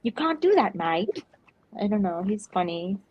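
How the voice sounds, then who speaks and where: A woman's voice: medium pitch, sing-song, brisk, highs cut off, a little hiss or hum. A woman chatting as a guest on a livestream, playful and laughing often. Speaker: stream guest. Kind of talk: casual livestream chat.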